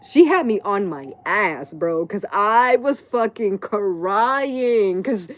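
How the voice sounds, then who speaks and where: Late-thirties woman, tarot reader, loose profane live-stream rambler, mid-pitched voice. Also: animated, takes it slowly. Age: late 30s. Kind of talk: casual live-stream rant.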